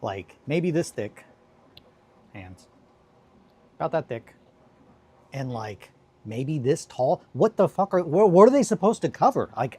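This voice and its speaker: A young man streaming a casual chat, telling rambling stories with lots of swearing and sudden bursts of excitement. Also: on the high side, unhurried, long pauses, breathy edge.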